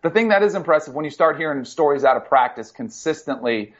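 A man's voice: on the high side, quick pace. Man telling sports stories, lo-fi sound. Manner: animated storyteller, many fillers. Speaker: co-host, former football player. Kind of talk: casual sports talk.

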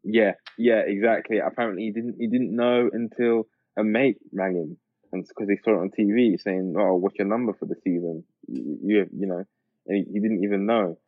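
A podcast co-host with a lowish voice chats casually about football at a moderate pace, rambling with lots of fillers and restarts and laughing often. There's no echo, though the line sounds tinny and phone-like.

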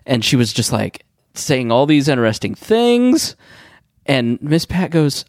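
A man's voice: medium pitch, sing-song, measured pace, no room sound, studio quality. A man co-hosting a podcast, telling a story in an easygoing casual way. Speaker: podcast co-host. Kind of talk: casual chat.

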